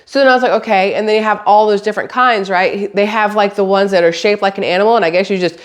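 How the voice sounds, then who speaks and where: A woman's voice: medium pitch, fairly even intonation, fast. A woman, a mother, chatting casually to camera as a vlogger, rambling and swearing lightly. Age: adult, has a daughter.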